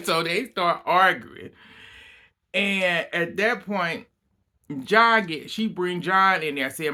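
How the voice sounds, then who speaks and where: Slow, bright-voiced man recapping gossip. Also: high voice. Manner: animated storytelling, acting out quotes, frequent laughter and outbursts. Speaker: reality TV recap reviewer. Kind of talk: casual episode recap.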